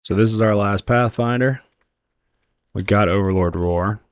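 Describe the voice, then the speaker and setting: A man's voice: on the low side, unhurried, no room sound. A man streaming a video game, chatting casually with viewers as he plays. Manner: relaxed, talks to chat while playing; yells with excitement at lucky loot drops. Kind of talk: casual gameplay livestream chat.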